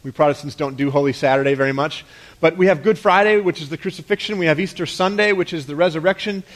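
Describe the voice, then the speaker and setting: A man preaches to his congregation in a relaxed, conversational way. His voice sits a little high, and he often sinks quietly at the close of a thought. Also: fast talker. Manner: conversational preaching with rhetorical questions and soft drops at phrase ends. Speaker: pastor. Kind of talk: sermon.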